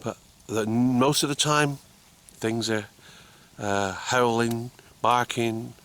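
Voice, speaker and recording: A man sits outdoors in winter woods, telling a casual story to camera. He rambles, chuckles and trips over repeated words. His voice sits at an ordinary middle pitch. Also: fairly even intonation, slow, a bit bright. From United Kingdom. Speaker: outdoor vlogger.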